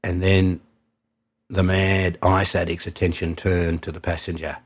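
An Australian taxi driver tells a vivid anecdote in relaxed, colloquial speech, dropping his voice quiet to build tension. His voice is low, his delivery flat and a touch slow.

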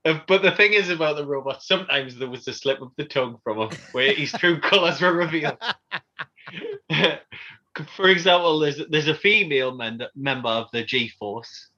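A man's voice: a little high, normal speed, pushed and bright, lo-fi sound. A man co-hosting a podcast in casual chat, joking, laughing often and tagging questions onto his remarks. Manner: jokey, laughs often, adds tag questions. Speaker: podcast co-host.

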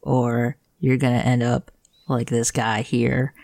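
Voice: mid-range voice, little pitch movement, slow, gravelly, darkish tone, no echo. A brash adventurer hurling threats at goblins in a tabletop game, voiced by one of the players. Recorded dry and close, in an everyday mid-range voice. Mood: menacing.

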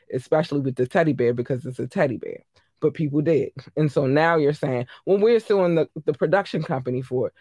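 A woman's voice: low-pitched, darkish tone, dry recording, clean studio sound. A woman hosting a casual gossip podcast, talking bluntly and animatedly, swearing freely and repeating herself for emphasis. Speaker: podcast host.

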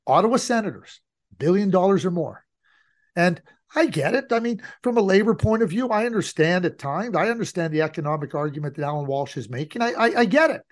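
A man's voice: high voice, expressive, brisk. A middle-aged man co-hosting a casual hockey podcast, telling stories and repeating phrases for emphasis. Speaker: podcast co-host.

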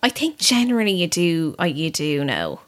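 A woman's voice: on the low side, huge pitch swings, normal speed, slight background noise. A woman in her thirties chatting casually as a podcast co-host, with frequent "you know"s and restarts. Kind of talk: casual chat.

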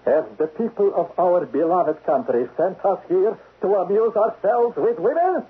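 A man's voice: high voice, animated, measured pace, slightly rough, heavily acted. A man playing a stern, sarcastic male spy chief in a 1970s radio drama. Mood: icy. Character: cold menacing male foreign spy chief. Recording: lo-fi narrow-band radio recording.

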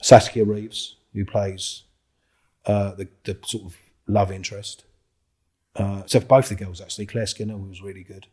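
A man with a London accent and a lowish, breathy-edged voice talks at a moderate pace as a podcast guest. He's an animated storyteller, acting out dialogue and swearing freely.

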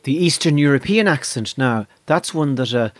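An Irish comedian riffs through a profane, rambling stand-up bit, his voice sitting a little above the usual pitch for a man. The sound is dry and close, with no room echo. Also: animated. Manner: profane, rambling, jumps into quick impressions. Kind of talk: stand-up routine.

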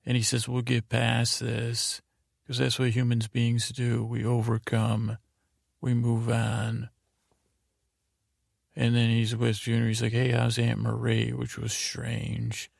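A man hosting a sleep podcast, recapping a show in a meandering, halting way with lots of fillers and restarts. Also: mid-range voice, completely flat delivery, gravelly, no room sound, studio quality. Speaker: podcast host.

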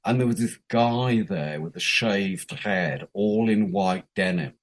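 Frank, animated storyteller, a man in his fifties. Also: fairly low pitch, takes it slowly. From England. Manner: frank and profane, lively voiced quotes. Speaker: interview guest. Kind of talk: candid storytelling.

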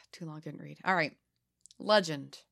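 A woman co-hosting a casual podcast, reading spooky legends aloud in a playful, giggly way with dramatic pauses. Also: deep voice, gravelly, a bit bright. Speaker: podcast co-host.

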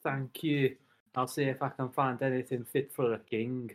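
A man's voice: medium pitch, steady tone, normal speed, heavy background noise, natural voice. A man voicing a pompous Scottish thane with a put-on Scottish accent, speaking grandly. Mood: pleased. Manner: grandiose, theatrical. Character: pompous Scottish thane, self-styled king.

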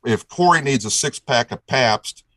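A middle-aged man spins a long, excited tale as a podcast guest, tripping over his own sentences as he goes. His voice sits in an ordinary middle register. It is recorded bone dry, with no room sound at all. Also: medium pitch, a little slow, no echo, rough recording. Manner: enthusiastic, rambling, with frequent restarts. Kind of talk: casual storytelling chat.

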